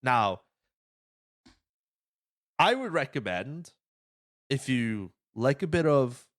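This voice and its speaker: A man's voice: mid-range voice, big pitch swings, slow, dry recording, studio quality. A man hosting a podcast, telling stories casually with lots of swearing and acted-out quotes. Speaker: podcast host. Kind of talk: casual chat.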